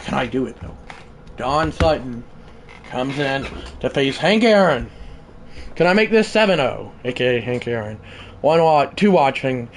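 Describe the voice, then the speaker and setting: A man streaming a baseball video game, calling the plays like a play-by-play announcer, shouting on big plays and muttering asides in between. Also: fairly high pitch, sing-song, normal speed, a little hiss or hum. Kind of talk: live gameplay commentary.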